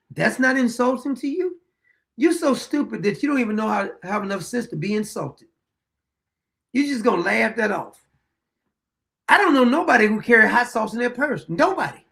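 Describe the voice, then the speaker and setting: Blunt, gravelly high-voiced male commentator. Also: fairly bright tone. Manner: blunt, combative, rhetorical questions; dry chuckles between points. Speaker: show host. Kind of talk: opinion commentary monologue.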